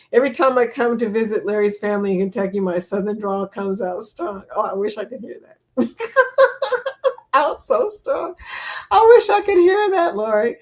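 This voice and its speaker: A chatty woman hosts a relaxed live stream, talking straight to her viewers. She reads comments aloud and laughs easily between thoughts. Her voice sits at an ordinary middle pitch. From England. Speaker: livestream host. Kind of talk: casual live chat.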